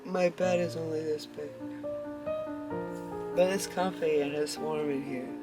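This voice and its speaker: Loud music sits behind her deep, steady voice, which moves a little slowly. She's chatting casually to camera about her farm, often laughing and cooing at the chickens, from in and around a barn trailer.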